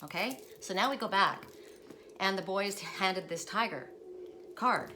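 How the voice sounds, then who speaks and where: A woman speaking in a slightly low voice tells a spiritual story at home in a loose, wandering way, often doubling back to fix her own words. A steady hiss of background noise runs underneath. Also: normal speed. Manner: rambling, self-correcting, digressive. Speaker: oracle card reader.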